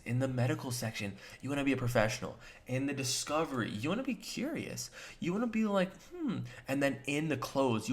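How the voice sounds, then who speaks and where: A man at a middling pitch, delivering a motivational coaching talk as a sales trainer. His delivery is direct and emphatic, speaking to the listener as "you". He drops into short acted examples with playful changes of tone. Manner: acts out short quoted lines with shifts in tone. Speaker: sales trainer and agency co-founder.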